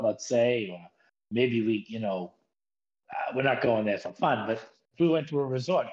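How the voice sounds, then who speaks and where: Man, Boston accent, mock-formal joking, medium pitch, dull lo-fi recording. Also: darkish tone. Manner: playful mock-formal banter. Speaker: podcast co-host. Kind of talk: casual chat.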